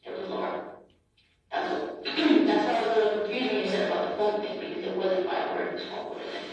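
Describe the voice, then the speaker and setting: A woman's voice: mid-range voice, steady tone, quick pace, a little mellow. Woman detective grilling someone, far from the mic, long echoey reverb, bit of music behind. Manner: pressing, probing questions. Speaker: homicide detective. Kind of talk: police interrogation. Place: police interview room. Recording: echoey hall, distant mic, faint music.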